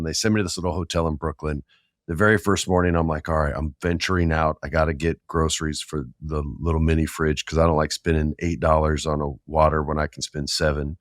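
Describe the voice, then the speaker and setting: A man's voice: very deep voice, quick pace, dry recording, clean studio sound. A man hosting a podcast, telling stories casually and acting out the people he quotes. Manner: animated storyteller, acts out quoted voices. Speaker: podcast host. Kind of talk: casual storytelling chat.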